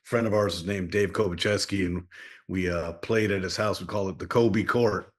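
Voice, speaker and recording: A man appearing as a guest on a podcast, reminiscing in relaxed casual chat with lots of fillers. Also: low-pitched, normal speed.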